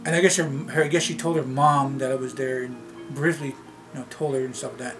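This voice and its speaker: A man from Canada telling a personal story to his camera in a rambling, halting way, with many restarts. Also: mid-range voice, steady tone, poor audio. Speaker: vlogger. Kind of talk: casual storytelling vlog. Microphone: camera mic. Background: background music.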